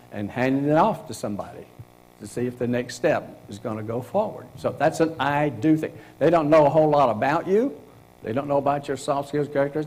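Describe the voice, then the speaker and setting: A man's voice: mid-range voice, low-quality recording. Middle-aged man leading a career workshop. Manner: animated, acts out example lines with laughs. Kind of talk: casual talk to a group. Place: meeting room.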